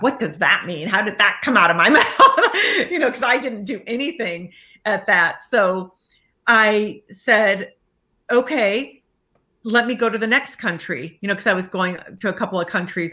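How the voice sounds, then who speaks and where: A woman with a bright, forceful voice tells her personal story as a guest life coach. She is animated, laughing often and acting out the voices of the people she quotes. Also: medium pitch. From Iraqi family background, raised in America. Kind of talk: casual storytelling interview.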